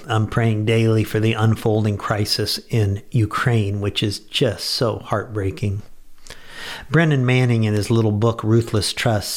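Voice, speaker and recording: A man delivering a short devotional radio message, earnest and conversational, with bursts of enthusiasm. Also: on the low side. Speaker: pastor.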